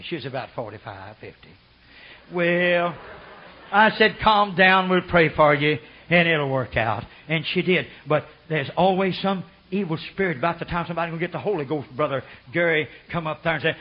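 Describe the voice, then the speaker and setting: An older preacher with a husky, somewhat high voice delivers a fervent, rambling sermon. He drops to low murmurs and then climbs into shouted high bursts. The recording sounds dull and lo-fi. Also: moderate pace. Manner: rambling, folksy storytelling.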